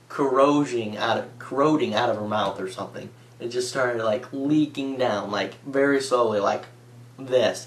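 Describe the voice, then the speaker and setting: A young man casually telling stories to the camera, rambling and saying "like" a lot. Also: medium pitch. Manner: rambling, filler-heavy, says "like" a lot. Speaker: vlogger. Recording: echoey room.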